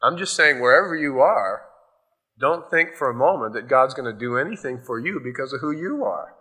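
A man's voice: mid-range voice, animated, moderate pace, pushed and bright, husky. A male pastor giving a sermon in a loose, conversational storytelling way, often adding "you know".

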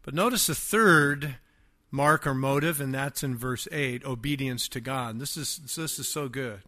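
A man preaching a sermon, emphatic and repetitive, often dropping to quiet asides. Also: mid-range voice, a little slow. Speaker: pastor.

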